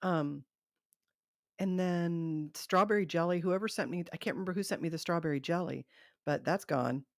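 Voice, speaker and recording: A woman's voice: fairly low pitch, moderate pace, no room sound, studio quality. A middle-aged woman hosting a live stream, chatting casually and rambling, laughing often. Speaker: livestream host.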